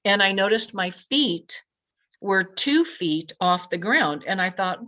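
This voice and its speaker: A woman guest telling a personal story in a lively way, acting out her own past thoughts as quotes. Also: mid-range voice, a little slow. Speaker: podcast guest. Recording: dull lo-fi sound.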